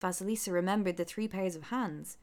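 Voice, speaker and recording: A woman reading a folk tale aloud, with relaxed, chatty asides. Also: mid-range voice, a little fast. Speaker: storyteller.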